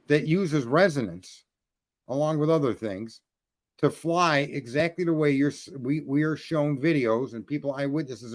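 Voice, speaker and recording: A man's voice: fairly high pitch, no room sound. A man in casual chat, telling a roofing story in a blunt, profane way. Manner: storytelling, profane, talks through trade details.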